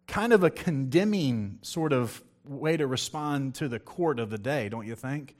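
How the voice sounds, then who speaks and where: Lively preacher man delivering a sermon. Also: mid-range voice, measured pace, few pauses. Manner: lively, conversational, acts out quotes; reads scripture aloud.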